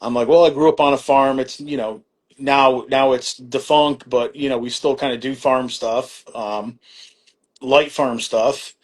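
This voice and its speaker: Middle-aged man, mid-pitched and relaxed, telling a loose, filler-heavy story as a podcast guest with casual swearing. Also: measured pace. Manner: rambling, many fillers and restarts, acts out quoted exchanges; laid-back, swears casually.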